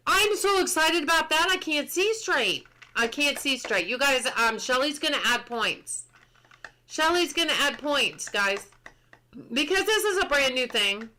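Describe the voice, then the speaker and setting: A woman's voice: a little high, sharp tone. A woman game streamer chatting casually on a live stream, reading patch notes aloud, answering chat and laughing often.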